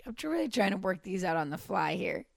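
Woman from massachusetts, giggly co-host, lively bouncy pitch, dry close sound. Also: fast talker, gravelly, no room sound. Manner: giggly, jokey, riffs on the fly. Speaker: podcast co-host. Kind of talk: casual chat.

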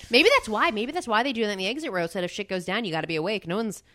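A young adult woman co-hosting a podcast, telling an animated story and acting out the quotes. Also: mid-range voice, very fast. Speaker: podcast co-host. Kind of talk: casual chat.

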